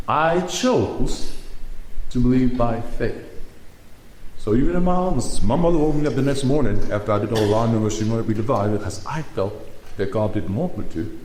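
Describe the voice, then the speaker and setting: A former pastor, telling his story to an audience, swinging from high and loud to low and quiet. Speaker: former pastor giving a talk. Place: large auditorium. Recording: echoey hall, faint room noise.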